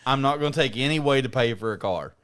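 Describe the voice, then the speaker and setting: A man co-hosts a podcast, chatting casually in a rambling, profane way. His voice is mid-range, a bit bright, and quick-paced.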